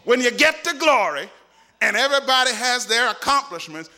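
Forceful, high-voiced male preacher. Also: expressive, normal speed. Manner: emphatic and repetitive, rising to shouts. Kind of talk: sermon.

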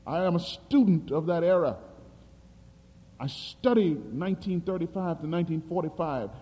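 A man preaching a sermon dramatically, swinging between loud emphasis and quiet asides, recorded in a reverberant hall. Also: a little high, expressive, normal speed, breathy edge. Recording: long hall reverb, from a distance.

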